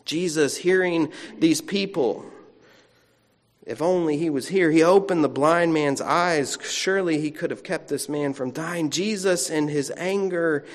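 A man's voice: a little high, measured pace. A male pastor giving a sermon in a chatty storytelling way, with asides to the congregation. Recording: long reverb of a large hall.

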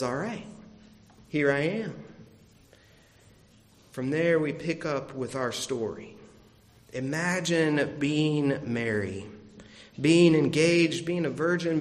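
A young man preaches with a slightly high voice, casual and storytelling, acting out quoted lines in a loose, conversational way. His voice rings out with the long reverb of a big hall. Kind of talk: sermon.

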